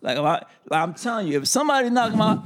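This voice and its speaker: Animated incredulous man in his forties. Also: high-pitched, very fast. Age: 40s. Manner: animated, incredulous, heavy street slang. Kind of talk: casual chat.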